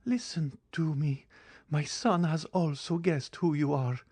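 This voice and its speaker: A man's voice: on the high side, a little slow, a little mellow, husky, no echo, pitched above the performer's own voice. A man reading an audiobook, voicing a despairing middle-aged noblewoman who pleads for her son. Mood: pleading. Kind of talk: audiobook character voice.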